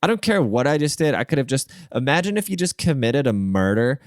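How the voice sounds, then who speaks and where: A man's voice: medium pitch, big pitch swings, a little fast, dry recording, studio quality. A man hosting his own podcast, rambling through a crude, profane solo rant with jokey asides. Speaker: podcast host.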